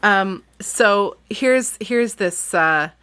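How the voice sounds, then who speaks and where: A woman's voice: mid-range voice, drawn-out words, bright, forceful tone, clear, resonant tone. A woman co-hosting a podcast, chatting casually about a book, recapping it with lots of laughter. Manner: chatty, laughs often, recaps the plot animatedly. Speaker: podcast co-host. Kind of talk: casual book-club chat with read-aloud passages.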